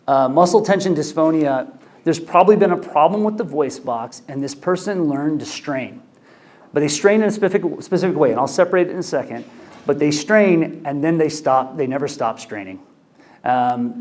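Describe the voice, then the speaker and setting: A man's voice: on the high side, animated, normal speed, a little mellow. A middle-aged male doctor giving a casual medical lecture, talking loosely with frequent fillers and restarts. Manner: conversational, many fillers and restarts. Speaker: ENT physician lecturer.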